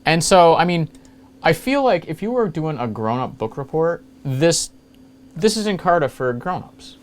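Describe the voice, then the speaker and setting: A man hosting a casual screen-capture walkthrough of old software, rambling along with jokey, self-mocking asides. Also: fairly high pitch, very animated, normal speed. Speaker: retro computing video host.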